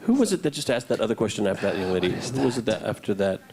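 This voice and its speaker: A man's voice: fairly low pitch, very animated, rapid-fire, a little mellow, slight background noise. A man on a convention panel, bantering and teasing the audience in a mock-formal way.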